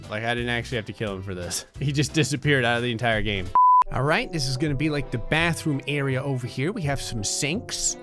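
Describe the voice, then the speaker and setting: A man doing excitable let's-play commentary, with frequent exclamations and laughter. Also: medium pitch. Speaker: gaming YouTuber.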